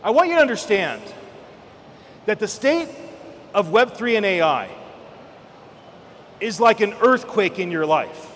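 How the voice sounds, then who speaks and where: A man in his forties from California giving an energetic keynote speech at a conference, emphatic and at times shouting for emphasis. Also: high-pitched, measured pace, long pauses, a little hiss or hum. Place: large event hall. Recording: echoey hall with faint ambience.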